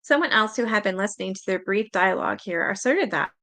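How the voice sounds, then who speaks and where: A woman reads a memoir aloud at an easy middle pitch. Her reading is casual and unpolished, with a laugh slipping in now and then and a few stumbles over words. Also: lively intonation, fast, fairly bright tone. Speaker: reader.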